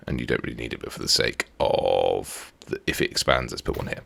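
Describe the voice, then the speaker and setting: A man's voice: rumbling low, normal speed, vocal fry, husky. A man hosting a let's play, giving chatty, playful commentary and joking with himself as he builds. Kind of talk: casual gameplay commentary.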